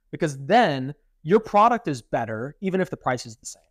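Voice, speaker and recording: Young man, animated storyteller, dry mic. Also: a little high, a little fast, dry recording. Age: young adult. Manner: animated storytelling, quotes others in acted voices. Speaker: podcast co-host. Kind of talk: casual chat.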